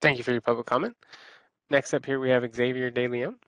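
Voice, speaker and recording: Gravelly man moderating a meeting. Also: mid-range voice, fairly even intonation, a little fast, fairly bright tone, no echo. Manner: brief, formal, routine. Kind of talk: procedural announcements.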